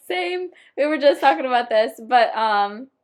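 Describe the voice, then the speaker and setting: A woman's voice: a little high, normal speed. A young woman co-hosting a podcast in casual chat, laughing often and acting out what others said. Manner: casual, laughs often, acts out quoted lines. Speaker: podcast co-host.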